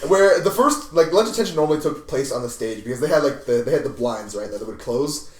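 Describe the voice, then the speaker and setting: A young man on a podcast casually telling a rambling story from his school days with an animated, joking manner. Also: mid-range voice, quick pace. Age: young adult. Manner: rambling, animated retelling with laughs. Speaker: podcast host. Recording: echoey room, mic at a distance.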